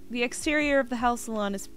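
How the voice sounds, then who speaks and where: A woman's voice: fairly high pitch, moderate pace, fairly bright tone, slight background noise. A woman streaming a game, chatting casually and giggly, thinking aloud as she plays. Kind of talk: casual gaming stream chat.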